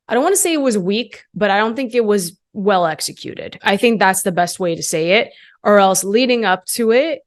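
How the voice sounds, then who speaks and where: A young woman talks straight to her viewers as she reviews a horror film. Her voice sits a little low for a woman, and she speaks casually and with enthusiasm. She drops plenty of casual fillers as she goes. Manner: chatty and enthusiastic, frequent "like" fillers. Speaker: film reviewer, channel host. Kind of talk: casual to-camera movie review.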